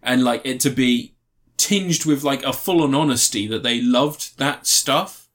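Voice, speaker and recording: A man's voice: medium pitch, measured pace, a bit bright. A man co-hosting a casual chat, rambling with many fillers and restarts.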